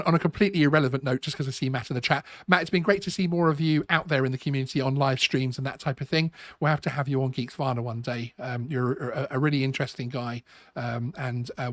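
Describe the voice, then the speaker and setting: Man, live stream host, halting, repeats words, sarcastic, higher voice, dry sound. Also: no room sound. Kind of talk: casual live stream commentary. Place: home studio.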